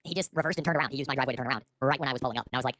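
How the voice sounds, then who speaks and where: A man's voice: mid-range voice, very fast, a bit bright, no room sound. A man hosting a casual livestream from home, rambling and playful, often restarting his sentences. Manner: rambling, playful, self-interrupting. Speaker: livestream host.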